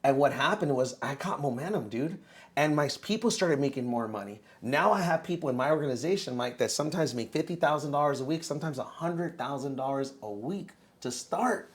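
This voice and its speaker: A man in his thirties, a podcast guest, telling his own story in casual, animated talk and calling the host bro. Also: on the high side, brisk. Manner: animated, says bro a lot.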